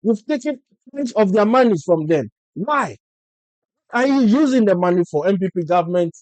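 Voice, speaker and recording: A Ghanaian man with a Ghanaian English accent delivers an impassioned political vlog monologue, hammering his points with insistent, repeated rhetorical questions. His voice is high-pitched with lively intonation and a darkish tone, at a moderate pace. The recording is dry and of poor audio quality.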